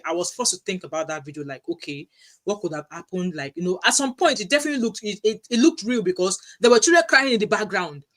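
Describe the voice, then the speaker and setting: A woman in her thirties with a Nigerian accent talks straight to her viewers in a commentary vlog. She is passionate and emphatic, pressing her points with rhetorical questions and slipping into Pidgin. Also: lowish voice. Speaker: vlogger, mother.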